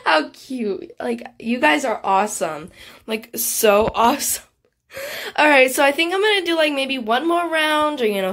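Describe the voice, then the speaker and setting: A female YouTuber giving casual gameplay commentary, excitable and giggly, gasping and chatting straight to her viewers. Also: high voice. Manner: excitable and giggly, gasps and squeals; chatty, speaks directly to viewers. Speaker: gaming YouTuber.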